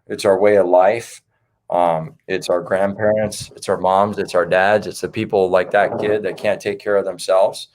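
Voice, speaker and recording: A somewhat low-voiced man talking as a livestream guest. He speaks in an earnest, rallying way and keeps calling his listeners "man" and "dude". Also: little pitch movement, moderate pace, slight background noise. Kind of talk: casual livestream chat.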